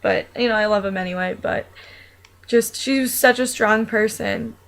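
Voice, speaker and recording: A young woman talks about her own life in a loose, rambling way, filling pauses with ums and restarting her sentences. Her voice sits a little on the high side. It sounds like a casual, unscripted personal video. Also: a bit bright, rough recording. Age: young adult. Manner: rambling and chatty, with many fillers and restarts. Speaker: vlogger.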